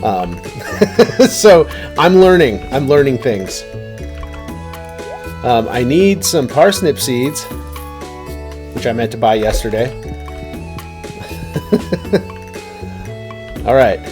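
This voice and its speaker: A man's voice: medium pitch, very animated, extremely slow, pauses often, music in the background. A man chatting casually while streaming a game, rambling and talking to his viewers. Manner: rambling, chatty, many fillers and restarts.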